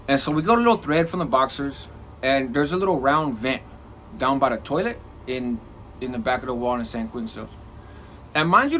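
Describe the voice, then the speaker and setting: A middle-aged man telling a prison story in a casual, profane, animated way. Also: medium pitch, a little hiss or hum. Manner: animated, profane, acts out quoted lines.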